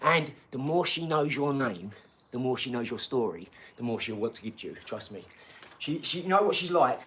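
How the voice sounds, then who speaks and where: A man chatting casually and slangily to viewers on a live stream from a garage gym. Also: mid-range voice. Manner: chatty and slangy, talking straight to the chat.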